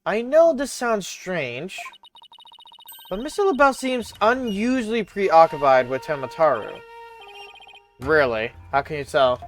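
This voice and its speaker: A streamer casually reading a courtroom game's dialogue aloud. The voice is lively, rising and falling, and often stumbles and restarts mid-line. Quiet music plays underneath. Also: mid-range voice, unhurried. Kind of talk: casual game read-through.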